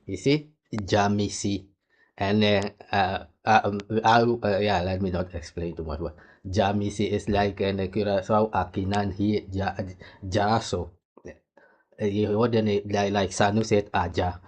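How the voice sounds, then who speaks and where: A man's voice: fairly low pitch, fairly even intonation, unhurried, a little mellow. A man from Suriname, giving casual, rambling reaction commentary that often drifts and trails off. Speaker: host reacting to a clip.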